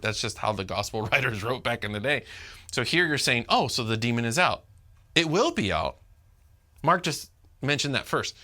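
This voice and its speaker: A man preaching a sermon as pastor, animated and talking directly to his congregation. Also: medium pitch. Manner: animated, talks to the congregation, acts out quotes.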